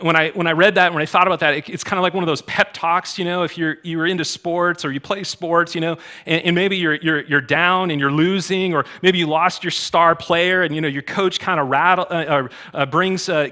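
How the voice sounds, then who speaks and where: Male pastor, sermon, bright forceful tone, slightly high, casual then rousing. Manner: conversational preaching, quiet asides building to loud exhortations.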